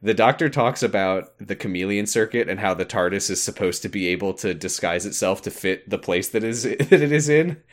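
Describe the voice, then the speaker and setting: A man's voice: on the low side, a little fast, few pauses. A man co-hosting a podcast, recapping an episode in casual chat, laughing often and swearing casually. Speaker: podcast co-host.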